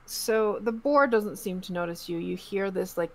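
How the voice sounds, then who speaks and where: A woman game master narrating a tabletop game in a relaxed, descriptive, chatty way. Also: mid-range voice, moderate pace, low-quality recording.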